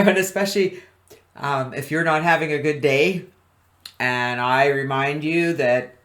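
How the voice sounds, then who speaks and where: A man's voice: mid-range voice, a bit bright. A man presenting a motivational webinar in an upbeat way, often chuckling and putting questions to his audience. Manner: chuckles between points.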